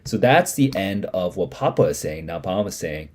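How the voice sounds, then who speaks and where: A man walks through a short story passage line by line, pausing to explain as he goes. His voice is husky and mellow, with a pitch that rises and falls a lot, and he thinks aloud with plenty of fillers and restarts. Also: sing-song. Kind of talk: live reading reaction.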